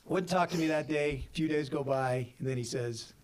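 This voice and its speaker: A man casually telling funny work stories on a podcast, acting out what people said. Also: moderate pace. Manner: animated, acts out quotes with big pitch jumps and laughs. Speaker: podcast co-host, filmmaker. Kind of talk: casual storytelling chat.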